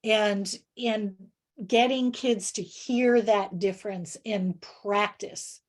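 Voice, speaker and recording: Woman presenter for a reading webinar, slow and measured, halting delivery, walks through word examples. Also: medium pitch, fairly even intonation. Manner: halting, many fillers and restarts.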